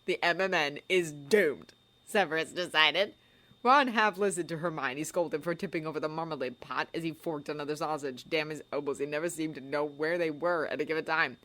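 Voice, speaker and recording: A woman narrates a fan story in a measured audiobook manner. Her voice sits lowish, with a bright, forward tone. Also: a little hiss or hum. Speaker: fanfiction narrator.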